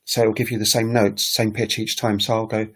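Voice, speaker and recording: A man's voice: fairly low pitch, flat delivery, a little fast, heavy background noise. A man teaching on a casual livestream, talking in a rambling, hesitant way with many fillers. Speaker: language teacher and recorder player. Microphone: webcam livestream setup.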